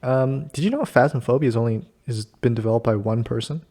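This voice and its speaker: A man's voice: mid-range voice, a little fast, a little mellow. A man hosting a casual chat with a friend, easygoing and laughing often. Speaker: host.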